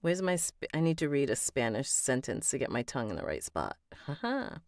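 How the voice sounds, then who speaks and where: A woman's voice: a bass voice, very animated, fairly quick, hardly any pauses, a little mellow, no room sound, clean studio sound. A woman narrating an audiobook on a livestream, breaking off to chat with viewers and correct herself. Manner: chatty asides, self-correcting, talks to her chat. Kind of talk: live-streamed audiobook recording session.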